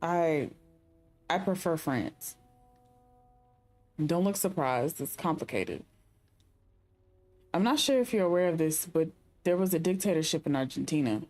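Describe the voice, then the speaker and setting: Brief: a woman voicing a sad, guarded Argentine passenger, dry and frank, halting, over soft game music. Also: low voice, expressive.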